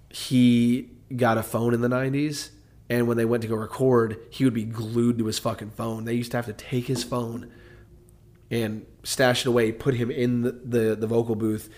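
A man in his thirties chatting casually, rambling and swearing often. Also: mid-range voice. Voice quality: relaxed, profane, rambling talk. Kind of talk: casual chat.

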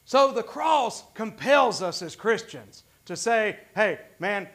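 Casting: a male pastor with a strikingly high voice, preaching with fervent, conversational energy and frequent restarts. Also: very animated, takes it slowly, fairly bright tone. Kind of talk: sermon.

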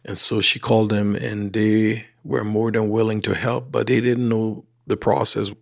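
A man's voice: fairly low pitch, moderate pace, gravelly. A middle-aged man from Liberia with a Liberian accent, telling his life story and acting out the dialogue he quotes. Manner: animated storyteller who acts out quoted dialogue. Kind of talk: personal storytelling. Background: faint music.

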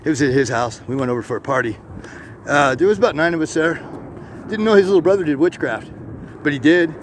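A middle-aged man telling stories in casual, profane, animated speech as a podcast host. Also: on the high side, quick pace, slight background noise. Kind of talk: casual storytelling. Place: outdoors on a hilltop.

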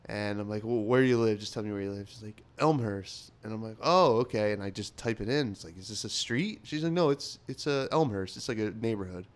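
A young man co-hosts a podcast, speaking in a lowish voice at a fairly quick clip with few pauses. He rambles through casual stories, packing them with fillers and plenty of "like."

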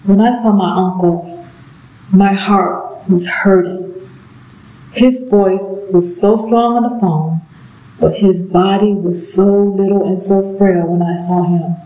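A middle-aged woman giving an earnest, emotional personal testimony, halting now and then with pauses. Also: mid-range voice, steady tone, mellow. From southern United States. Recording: echoey room.

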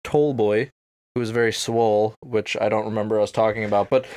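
A man's voice: fairly low pitch, fairly even intonation, fairly quick, a little mellow, a little hiss or hum. A young man introducing his tabletop character, hesitant with frequent fillers. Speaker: player. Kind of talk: casual tabletop game chat.

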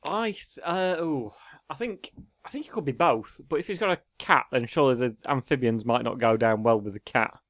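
A man's voice: medium pitch, normal speed, fairly bright tone, no room sound, clean studio sound. A man co-hosting a casual chat, answering quiz questions while thinking aloud with hesitations. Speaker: podcast co-host.

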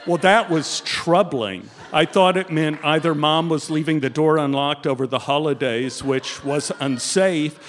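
A middle-aged man tells comic stories on a live stage, leaping into shouts and squeaks as he acts out the dialogue. His voice sits high. A long reverb from the theater hangs after each line. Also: a little slow, hardly any pauses. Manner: animated, acts out dialogue with big pitch jumps. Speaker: guest storyteller. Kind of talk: comic personal storytelling on stage.

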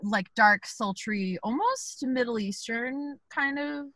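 A young woman co-hosting a podcast, telling a story in a casual, animated way, full of "like" and swearing. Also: fairly high pitch, slow pace, no room sound. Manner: animated, laughing, swearing, lots of "like". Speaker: podcast co-host.

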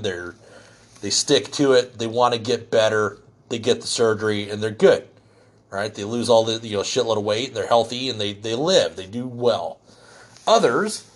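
A middle-aged man ranting in a blunt, crude way, swearing heavily and getting animated as he vents. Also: medium pitch. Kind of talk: profane comedic rant.

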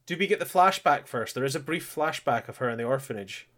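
Laughing, animated man recapping a show. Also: medium pitch, fast talker. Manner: animated, laughs often, acts out lines in mock voices. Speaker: podcast co-host. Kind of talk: casual chat recapping an anime.

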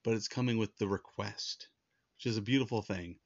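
A man's voice: lowish voice, brisk, dry recording, dull audio. A man preaching a sermon in an earnest, conversational way, often restarting his sentences. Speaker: pastor.

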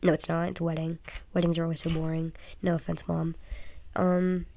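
A woman's voice: low voice, level tone, a little fast, vocal fry, mellow, lo-fi sound, a little hiss or hum. A tired teenage girl at home rambling through a casual vlog into her phone, talking in loose run-on thoughts full of "like" and "um". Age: teens. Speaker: vlogger. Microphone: phone app recording.

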